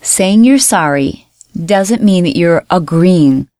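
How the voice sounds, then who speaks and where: Low-voiced woman coaching on empathy. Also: lively intonation, slow pace, dark tone, no room sound, studio quality. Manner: coaching, repeats example phrases aloud. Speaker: podcast host. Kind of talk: self-help podcast monologue.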